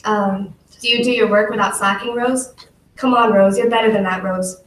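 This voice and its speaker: A woman's voice: mid-range voice, fairly even intonation, normal speed. A teenage girl reading her own poem aloud at a school event, nervous, giggly and emotional. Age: late teens. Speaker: high school student poet. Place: school auditorium. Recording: echoey hall from far off, faint noise.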